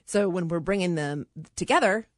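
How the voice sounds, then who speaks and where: Low-voiced woman sports radio co-host. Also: moderate pace, no room sound, studio quality. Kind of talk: casual sports talk. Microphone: studio microphone.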